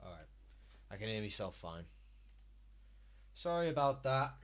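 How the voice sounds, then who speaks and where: Here the streamer's voice sits fairly low and has a sing-song lilt, delivered at a measured pace. While gaming live, he rambles through crude, easygoing conversation with his audience.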